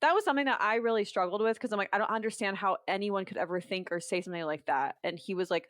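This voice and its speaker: A young adult woman, a podcast guest, telling her story quickly and acting out quoted dialogue. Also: medium pitch, fairly bright tone, no room sound, clean studio sound. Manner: fast storytelling, quoting others in dialogue. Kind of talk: podcast conversation.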